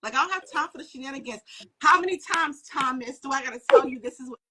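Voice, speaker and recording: A woman's voice: high voice, expressive, quick pace, bright, forceful tone, pitched above the performer's own voice. A woman voicing an exasperated man impatiently scolding his followers.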